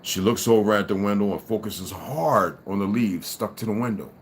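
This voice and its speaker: A man's voice: lowish voice, normal speed, husky. A man reading a story aloud to listeners and breaking off for casual asides.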